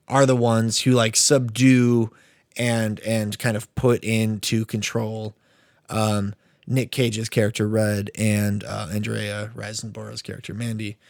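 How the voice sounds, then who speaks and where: A man's voice: fairly low pitch, gravelly, dry recording, studio quality. A young man co-hosting a podcast, chatting casually about movies in a rambling way, full of fillers and swearing. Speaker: podcast co-host.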